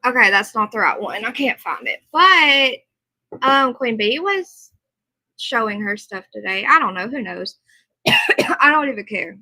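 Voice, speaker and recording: A woman hosts a casual livestream, talking easily and answering her viewers as she goes. She sounds tired, but her voice stays bright and a little high. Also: very animated, measured pace, poor audio. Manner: chatty, reads and answers viewer comments. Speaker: livestream host.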